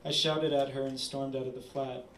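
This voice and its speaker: A man reading his own short story aloud at a literary event, measured with small stumbles. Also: medium pitch, little pitch movement, a bit bright, slight background noise. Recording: roomy, distant audience recording.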